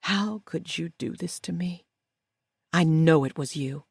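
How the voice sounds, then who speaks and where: A woman's voice: sits low, unhurried, gravelly, breathy edge, no echo, clean studio sound, exaggerated voice. A woman voicing a young woman jailed for life, angry and raised as she pleads and accuses.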